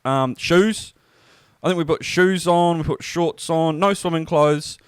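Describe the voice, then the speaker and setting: A young New Zealand man co-hosting a podcast, telling a story in a relaxed, joking, sweary way. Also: fairly high pitch, measured pace, clear, resonant tone, no echo, studio quality. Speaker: podcast co-host. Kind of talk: casual storytelling chat.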